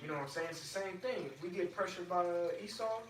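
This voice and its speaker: A man's voice: high voice, quick pace. A man talking earnestly and conversationally in a religious group discussion. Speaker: discussion participant. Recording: roomy and distant with faint noise.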